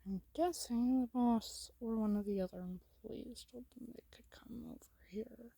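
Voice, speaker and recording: A woman voicing a gentle, calm male toon boyfriend in a soft whisper, in a whispered role-play. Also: on the high side, a little slow, creaky, breathy edge, no room sound, heavily acted. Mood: soothing.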